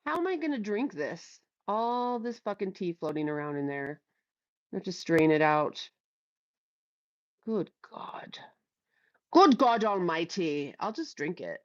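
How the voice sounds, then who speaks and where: A middle-aged woman chats live into her headset mic, blunt and unfiltered, swearing freely and answering viewers as she goes. Her voice sits at an ordinary pitch, and the audio comes through a little dull and lo-fi. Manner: blunt, profane, chatty, reads out viewer comments. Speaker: livestream host. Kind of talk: casual live chat. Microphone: headphones with mic.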